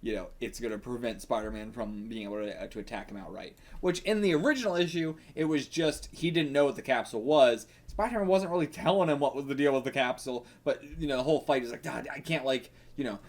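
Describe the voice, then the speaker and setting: A man's voice: mid-range voice, fast, few pauses. A man hosting a manga reaction video, talking casually to himself, swearing and laughing often.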